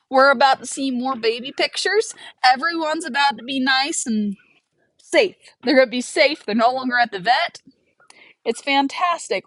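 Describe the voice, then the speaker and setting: A woman's voice: on the high side, a bit bright, no room sound. A young woman chatting casually and rambling while working outside a barn, laughing often. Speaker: homesteader and livestream host. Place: outdoors by a barn.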